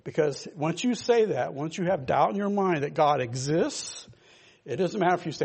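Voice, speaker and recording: Gravelly older man preaching. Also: a little high, animated, normal speed, a little mellow. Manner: rambling, emphatic preaching with asides to listeners. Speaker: pastor. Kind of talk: informal sermon.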